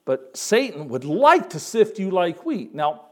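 An older male preacher delivers a sermon, his voice sitting a little high for a man. He leans on repetition, quotes scripture and lets his delivery rise and fall for emphasis. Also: unhurried. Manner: expressive, repeats words for emphasis, quotes scripture.

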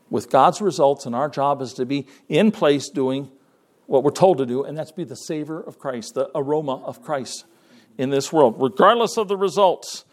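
Male pastor, fairly high voice, folksy sermon delivery, repeats himself, reads old-style scripture. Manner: folksy, repeats words, quotes scripture in King James wording.

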